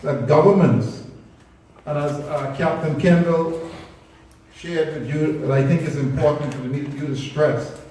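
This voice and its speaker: A man makes his case to an audience in an earnest, persuasive way. His voice sits a little high and sounds mellow, but it is caught from far off in a very echoey hall. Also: a little slow. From Bahamas. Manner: earnest, persuasive, speaks of a spiritual perspective. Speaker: speaker at a public talk. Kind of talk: public talk with slides. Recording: echoey room recorded from afar.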